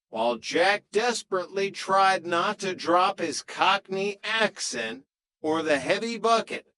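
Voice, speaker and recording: High, slow-reading man narrating a story. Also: fairly bright tone, no room sound, low-quality recording.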